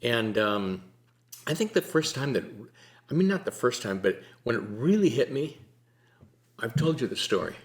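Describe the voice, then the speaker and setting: An older man sharing a personal faith story in a relaxed, earnest conversation, sometimes laughing as he tells it. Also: medium pitch, moderate pace. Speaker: guest sharing testimony. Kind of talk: conversational testimony.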